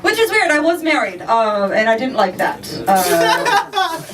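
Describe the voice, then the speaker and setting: A young woman doing stand-up with a dry, halting delivery and a somewhat high voice. She sounds set back from the mic, and a big crowd laughs loudly around her. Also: big pitch swings. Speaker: stand-up comedian. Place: live comedy stage in a garage studio. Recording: far from the mic, with a loud audience laughing. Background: audience laughter.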